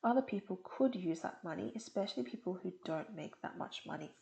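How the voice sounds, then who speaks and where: A woman tutor walks through exam questions one step at a time, patient and methodical. Her voice is mellow and dark, with a gravelly fry at the ends of her phrases. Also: on the low side, animated, brisk, low-quality recording. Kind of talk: explaining test questions.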